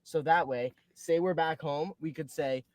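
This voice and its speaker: Young man, boston accent, casual podcast chat, eager pitch, fillers everywhere. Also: unhurried, no room sound. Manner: animated, pitching ideas like an infomercial. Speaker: podcast co-host.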